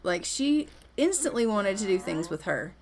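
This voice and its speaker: A woman giving casual gameplay commentary as a let's-play narrator. She talks in an excitable, gossipy way, with many exclamations. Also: mid-range voice, moderate pace.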